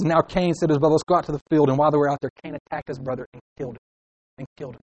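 A man's voice: medium pitch, a little mellow, no room sound, poor audio. A young man preaching a sermon, acting out short angry inner voices to make his points.

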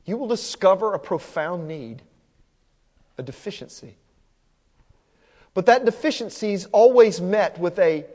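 High-voiced man preaching in a reverberant hall. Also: darkish tone. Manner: earnest, repeats key points for emphasis. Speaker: pastor. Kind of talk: sermon.

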